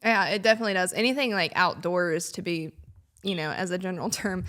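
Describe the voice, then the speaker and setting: A woman co-hosting and interviewing in a casual chat, talking in a chatty way full of "like" and "um" and quick to laugh. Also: on the low side, fairly bright tone. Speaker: co-host interviewer.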